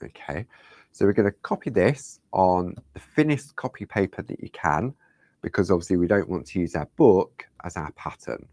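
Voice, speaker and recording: A man's voice: low-pitched, expressive, normal speed, darkish tone, no echo. A man hosting a casual craft demonstration, chatty and rambling, often turning to viewers with rhetorical questions. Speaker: craft show host.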